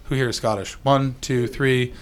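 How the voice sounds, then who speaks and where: A man's voice: medium pitch, steady tone, normal speed, noisy background. A man doing a stand-up set, rambling, swearing and riffing with the crowd. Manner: profane, rambling, riffs with the crowd. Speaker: stand-up comedian. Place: live comedy venue.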